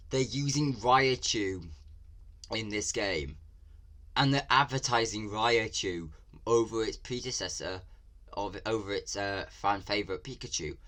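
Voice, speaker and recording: A man from England with an English accent, giving casual reaction commentary as a video creator, excitable and ranting, swearing freely. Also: fairly low pitch, unhurried.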